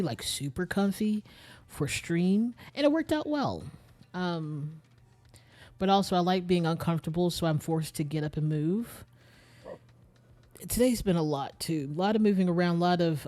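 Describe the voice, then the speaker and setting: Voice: mid-range voice, moderate pace, a little mellow. A young adult game streamer, a bit tired and short of breath, rambling in casual chat straight to viewers while playing.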